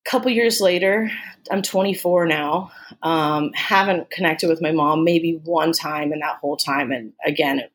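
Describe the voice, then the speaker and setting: Woman guest from Austin; candid, halting storyteller with lots of fillers, close to tears at times. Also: low-pitched. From Austin, Texas. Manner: candid, halting, many "like" and "you know" fillers. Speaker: guest sharing a personal story. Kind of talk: emotional personal storytelling.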